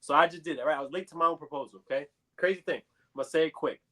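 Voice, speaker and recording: A young man telling a story in casual podcast chat, animated and acting out what others said. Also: on the high side, racing. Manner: animated storyteller, acts out quotes. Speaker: podcast co-host.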